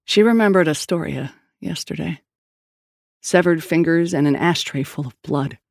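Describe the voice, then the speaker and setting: A man narrating an audiobook in a steady storytelling read on a close studio mic. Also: a little high, normal speed, creaky, no room sound. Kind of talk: scripted narration.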